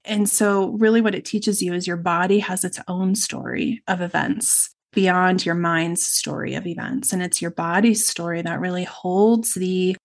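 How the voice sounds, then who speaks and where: A woman's voice: fairly low pitch, steady tone, moderate pace, few pauses. Middle-aged woman, interview guest, earnest and reflective, talks in long stretches. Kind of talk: personal storytelling interview.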